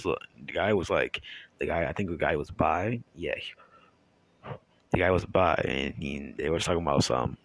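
A man with a very low, deep voice talks to his channel's viewers in a loose, rambling monologue, stopping and restarting his sentences often. The sound is dry and close, with no room echo. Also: creaky. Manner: rambling, halting with many restarts. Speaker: YouTuber. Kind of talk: casual monologue.

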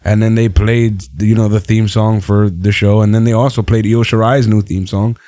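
A man's voice: lowish voice, little pitch movement, mellow, no room sound. Profane, laughing man in casual chat. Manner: loose and profane, quick to laugh. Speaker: podcast co-host.

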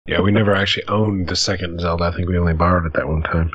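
A man hosting a casual podcast, talking with a sick voice in a relaxed, offhand way. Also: deep voice, racing, no room sound, muffled recording. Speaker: podcast host. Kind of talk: casual chat.

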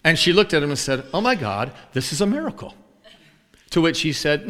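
A man preaching tells a story and performs the voices of its characters, taking both parts of the dialogue with animation. His pitch is a little high, his pace moderate, and a long hall reverb surrounds him.

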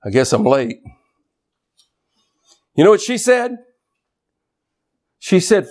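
Animated older man preaching a sermon. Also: high voice, slow pace, pauses often. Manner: animated preaching, shouting for emphasis. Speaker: pastor. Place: church.

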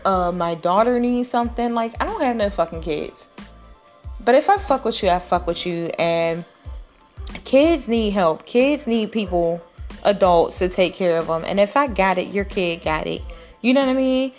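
A woman's voice: medium pitch, expressive, normal speed, a little mellow, faint music behind. A woman hosting a podcast, telling a personal story in a blunt, chatty, profane way, talking to the listener like a close friend. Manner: talks to listener like a friend, calling them sis. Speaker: podcast host. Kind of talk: casual storytelling monologue. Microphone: podcast voice recording.

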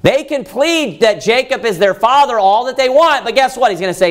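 A man's voice: very high-pitched, animated, normal speed. A man preaching a sermon, reading scripture aloud and asking the listeners rhetorical questions, raising his voice to act out pleading characters.

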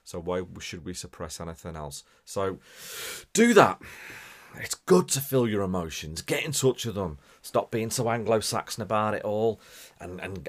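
An English man hosting a podcast, signing off in a chatty, animated way with lots of fillers. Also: sits low. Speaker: podcast host. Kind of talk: casual podcast sign-off chat.

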